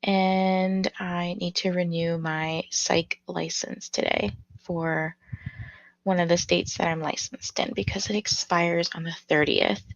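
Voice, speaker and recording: A woman's voice: fairly low pitch, dry recording, highs cut off. A tired woman who just woke up, hosting a casual reading livestream with her morning voice, rambling with many fillers. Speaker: reading stream host.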